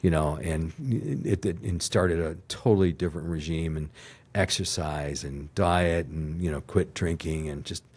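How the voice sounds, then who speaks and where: An older man, a television producer, telling an animated story in an interview, acting out voices and laughing as he goes. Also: very deep voice, normal speed. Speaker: TV producer, podcast guest.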